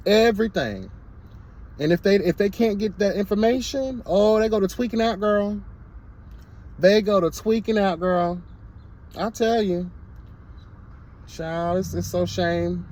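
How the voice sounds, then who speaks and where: A man's voice: sits high, a little slow, long pauses, a little mellow. A man vlogging his commentary in a sassy, emphatic rant, full of repeated exclamations. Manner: sassy, emphatic, repeats "girl" and "hello, God". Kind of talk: candid to-camera rant.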